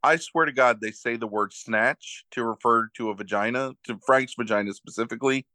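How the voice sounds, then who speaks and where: A man of ordinary pitch with a bright, crisp edge to his voice, heard dry and close with no room around him. He retells a story in loose casual chat, stacking fillers and correcting himself mid-sentence. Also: a little fast, no room sound. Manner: rambling, filler-heavy retelling with frequent self-corrections. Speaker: podcast co-host recapping a movie.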